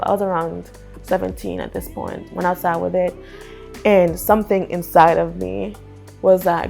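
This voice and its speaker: A young woman telling her personal faith testimony in a casual, lively way, acting out the voices in her story. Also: fairly low pitch, normal speed, creaky, faint music behind. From Jamaica. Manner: animated, acts out quotes, laughs often. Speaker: testimony speaker.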